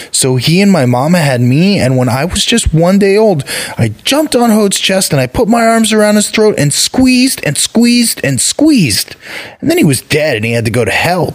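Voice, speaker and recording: A man voicing a boastful, bloodthirsty little boy god, in a shrill, whiny, excitable voice.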